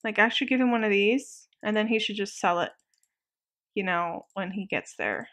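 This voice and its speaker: A woman giving casual let's-play game commentary, chatty and excitable, quick to laugh. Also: mid-range voice.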